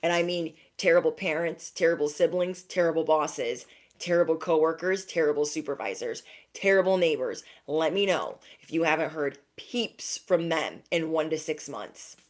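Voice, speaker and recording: A young woman with a low-set voice speaks straight to her viewers in a spiritual pep talk. She is emphatic and full of slang, and keeps checking in with a pointed "okay?" as an intuitive reader. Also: animated, normal speed.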